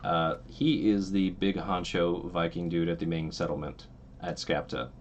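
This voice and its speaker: A very deep-voiced man narrates a tabletop game as its game master. He rambles comfortably through the scene with plenty of fillers, and a faint hum of the room sits under his voice. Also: unhurried, dull audio. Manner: relaxed and meandering, with many fillers.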